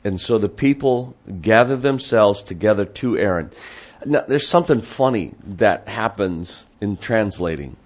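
A man's voice: fairly low pitch, animated, unhurried. A man giving a sermon as a Bible teacher, conversational with frequent restarts and asides, reading scripture quotes in a raised, emphatic voice.

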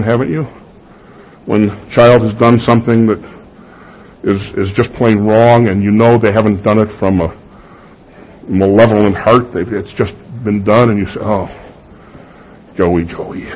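A man's voice: on the low side, steady tone, normal speed, lo-fi sound. A man preaching a sermon to his congregation in a church, building to emphatic peaks and asking the listeners questions. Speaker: pastor. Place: church sanctuary.

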